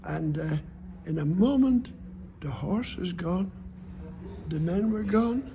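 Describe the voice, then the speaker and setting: A man telling a folk tale aloud, playful and lively, with sound effects and sudden hushes. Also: high-pitched, takes it slowly, creaky, a little hiss or hum. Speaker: storyteller. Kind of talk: oral folk storytelling.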